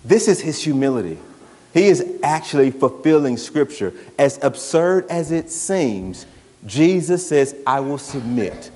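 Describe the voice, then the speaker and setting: A man's voice: a little high, very animated, unhurried, dark tone, in a large hall. A man, a pastor preaching a sermon in a conversational, emphatic way that drives points home through repetition. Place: church sanctuary.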